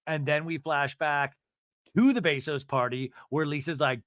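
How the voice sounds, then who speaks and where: A man hosting a podcast, telling a comedic reality TV recap with animated storytelling. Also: fairly high pitch, moderate pace, no echo, studio quality. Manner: animated storytelling, swearing, laughing at the drama. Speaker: podcast host.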